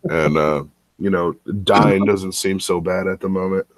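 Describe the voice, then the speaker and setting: A man's voice: sits low, fairly even intonation, a little slow. A man hosting a casual podcast from home, talking loosely and profanely with plenty of slang. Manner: loose and profane, storytelling, slangy with "fam" and "bro". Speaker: podcast host. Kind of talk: casual chat.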